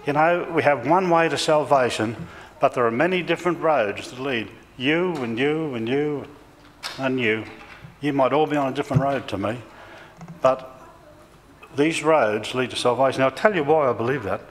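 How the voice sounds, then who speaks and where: Older aussie bloke preaching, folksy rambling stories, long church echo, bit of hiss behind. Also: male voice, mid-range voice, normal speed. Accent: Australian. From Central Queensland, Australia. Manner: homespun, rambling storyteller with self-corrections. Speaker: lay preacher and cattle farmer. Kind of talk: sermon with folksy personal stories. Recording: church reverb, faint background noise.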